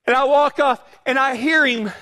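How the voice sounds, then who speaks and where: A man preaching a sermon, telling a folksy, joking story in an animated way before turning to his point. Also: very high voice, normal speed. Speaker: pastor.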